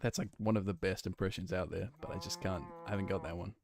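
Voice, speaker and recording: A man's voice: deep voice, fairly even intonation, fast, darkish tone, no echo. A young man streaming a game, chatting casually and laughing, flustered and rambling. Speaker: gaming streamer.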